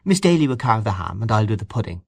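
A bright, coaxing young wife, lifted well above a low reading voice and swooping about as she teases and pleads, put on by a man reading a story. The sound is close and dry. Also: very animated, fast talker, creaky, no room sound, exaggerated voice. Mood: teasing. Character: lively young Irish wife, teasing and eager.

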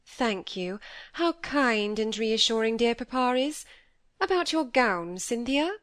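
A woman's voice: expressive, slow pace, a bit bright, no echo, clean studio sound. A woman reading aloud, voicing a fussy, effusive middle-aged stepmother in a storybook. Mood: flustered. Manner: effusive, affected, high-strung.

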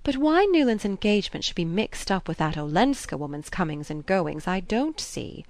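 A woman's voice: medium pitch, big pitch swings, normal speed, a little mellow, dry recording. A woman reading a novel aloud, voicing a prim older society matron who grumbles and disapproves. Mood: grumbling.

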